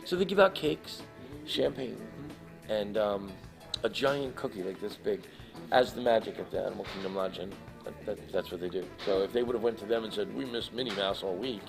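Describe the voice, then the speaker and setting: A man telling an animated, emotional anecdote as a guest in a live interview, acting out the people in his story. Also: fairly low pitch, moderate pace, vocal fry, over music. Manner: emotional, laughs while telling. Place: live event in front of an audience.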